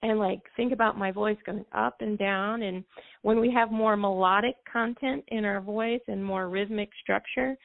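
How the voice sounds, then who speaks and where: A woman guest speaks with a gravelly edge, explaining at length and now and then singing short phrases to make her point. Her voice comes through a tinny, dry phone line. She sounds like a practiced trainer talking to a radio host. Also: medium pitch, steady tone, normal speed, dry recording. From United States. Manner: explanatory, sings snippets of songs to illustrate. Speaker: music therapist guest. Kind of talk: call-in radio interview.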